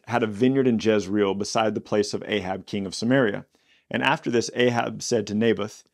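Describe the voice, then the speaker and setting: A man hosting a Bible study podcast, reading scripture aloud and breaking off into casual, animated asides. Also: lowish voice. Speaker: Bible teacher.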